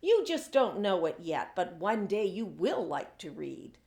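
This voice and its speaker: A woman's voice: fairly low pitch, big pitch swings, unhurried, dark tone. A woman reading aloud, voicing a bossy, cheerful female teacher with emphatic, dismissive retorts. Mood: firm, upbeat. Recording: echoey room.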